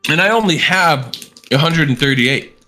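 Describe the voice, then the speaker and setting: A man's voice: on the high side, animated, normal speed, bright, forceful tone, faint music behind. A man playing a tabletop game, chatting and joking casually. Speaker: player.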